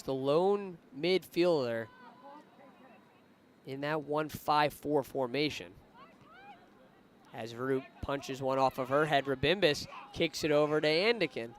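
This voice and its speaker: There's slight background noise as a man whose voice sits on the high side gives live commentary on a women's soccer game. He lifts his voice, getting more excited, whenever an attack builds.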